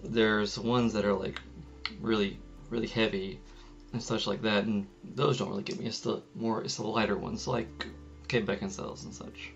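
A man co-hosting a casual podcast, speaking haltingly with many pauses and restarts. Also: lowish voice, steady tone, gravelly. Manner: hesitant, halting, restarts a lot. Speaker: podcast co-host. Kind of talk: casual chat. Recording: dull lo-fi sound with faint music.

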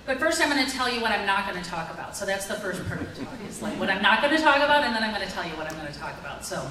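A woman's voice: medium pitch, very animated, rapid-fire, a crowd in the background. Chatty woman in an echoey hall. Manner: chatty and joking, with casual fillers. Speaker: conference speaker. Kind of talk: conference lecture. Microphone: distant mic. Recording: echoey hall, far-off mic, background noise.

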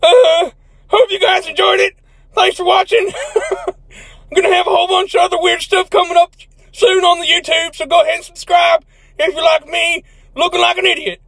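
A man's voice: extremely high pitch, fairly even intonation, normal speed, gravelly, a bit bright, no room sound. A young man hosting a goofy comedy tutorial, laughing often and jumping into silly character voices. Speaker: comedy YouTuber.

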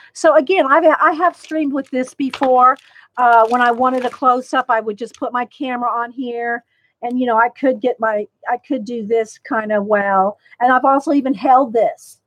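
A woman hosting a casual livestream, rambling along and greeting viewers by name. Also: fairly high pitch. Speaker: livestream host. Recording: slightly dull lo-fi sound.

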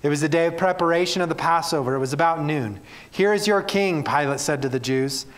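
A man's voice: a little high, brisk. Man preaching a sermon. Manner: reads scripture then speaks plainly and earnestly to the congregation. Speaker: pastor. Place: church.

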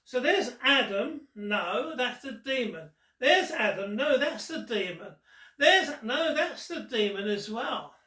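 Male gospel magician, teasing and unhurried, with a bright tone, heard with a roomy, distant sound. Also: very high-pitched, animated. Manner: playful and teasing, addressing the viewer. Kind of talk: magic trick with a Gospel story. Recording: roomy echo, distant mic.

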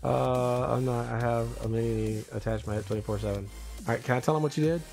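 A man's voice: mid-range voice, fairly even intonation, fast talker, creaky, a little mellow, faint music behind. A man hosting a casual livestream, ranting and teasing a friend with exaggerated indignation. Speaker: livestream host.

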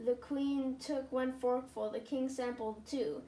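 A woman reading a children's picture book aloud, slowly and carefully, with small slips. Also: high voice, fairly even intonation, warm tone, distant mic. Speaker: storybook reader. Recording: roomy, from away from the mic.

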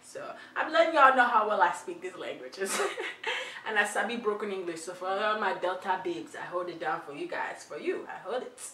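A woman's voice: medium pitch, expressive, moderate pace, bright, forceful tone. A young woman vlogger chatting playfully through tag questions, with giggly asides. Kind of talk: casual chat answering tag questions. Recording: roomy, distant from the mic.

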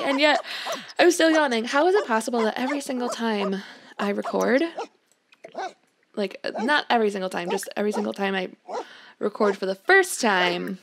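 A woman's voice: mid-range voice, creaky, noisy background. A woman chatting casually as she plays a life-sim game at home, laughing often and talking to the characters on screen. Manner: chatty, giggly, talks to her game characters. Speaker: gameplay streamer. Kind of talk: casual let's-play commentary. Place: home room.

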